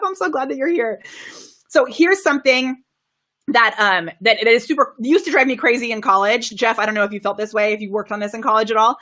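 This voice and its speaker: Bubbly, higher-pitched woman coach. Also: a bit bright. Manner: bubbly, enthusiastic, laughs often, reads viewer comments aloud; varies pitch and volume to demonstrate delivery tactics. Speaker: on-camera presentation coach. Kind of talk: live-stream teaching. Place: home studio, live video stream.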